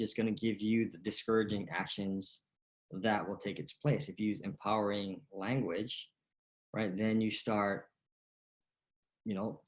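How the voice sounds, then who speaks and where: A man giving a motivational golf lesson in a casual way, with many fillers and questions. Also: lowish voice. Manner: casual, lots of fillers and "right?" tags. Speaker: golf coach.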